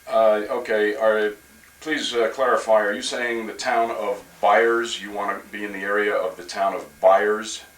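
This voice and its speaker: A man acting as net control on an amateur radio net, polite and measured, with frequent hesitations. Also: lowish voice, little pitch movement, fairly bright tone. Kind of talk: procedural radio net talk. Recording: echoey room, camcorder from far off.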